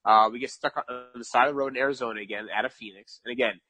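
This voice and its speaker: A man from New York chats as a podcast guest, spinning a long story with lively emphasis. He often repeats phrases and laughs at his own bad luck. His voice sits in a middle pitch, and the recording is dry and close. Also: racing, no echo, faint music behind. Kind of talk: casual storytelling.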